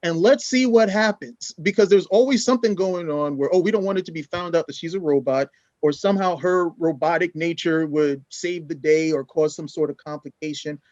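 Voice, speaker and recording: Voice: mid-range voice, a little fast, darkish tone, dry recording. Opinionated co-host with a dull, dry sound. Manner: emphatic, opinionated. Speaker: podcast co-host. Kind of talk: casual review chat.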